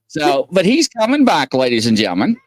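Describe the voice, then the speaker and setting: A man's voice: a little high, wildly swooping pitch, a little fast, no room sound. A man hosting a casual livestream, rambling and joking as he reads chat comments aloud and greets viewers. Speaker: host.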